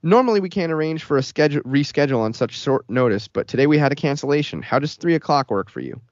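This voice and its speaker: Man reading an unsettling polite lady operator: raised pitch, customer-service sing-song, dull lo-fi sound. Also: very animated, fast, no echo. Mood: eerily polite. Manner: courteous, scripted customer-service cadence. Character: eerily polite female phone operator.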